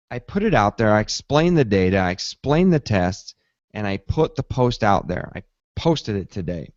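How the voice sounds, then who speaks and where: A man hosting a casual tech podcast who tells his story in a lively way and acts out his own reactions. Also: medium pitch, dry recording. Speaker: podcast host. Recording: dull, slightly lo-fi dry sound.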